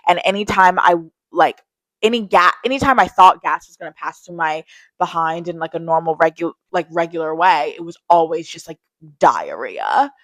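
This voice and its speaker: A woman's voice: on the low side, animated, moderate pace, dry recording, poor audio. A young woman in casual vlog chat, telling candid stories about her day and swearing freely. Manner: chatty storytelling, candid and swearing. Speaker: vlogger.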